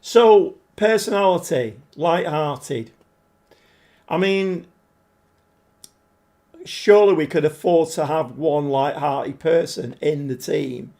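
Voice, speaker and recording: Gravelly, slightly hoarse man streaming a game. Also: a little high, slow, pauses often, a little mellow. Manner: chatty, easily frustrated, greets viewers. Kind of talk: live-stream commentary while playing.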